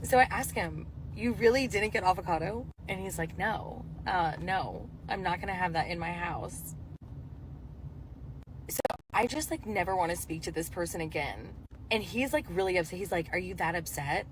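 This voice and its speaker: A woman's voice: fairly low pitch, normal speed, background noise. A young adult woman telling a dating story casually, full of chatty "like" fillers.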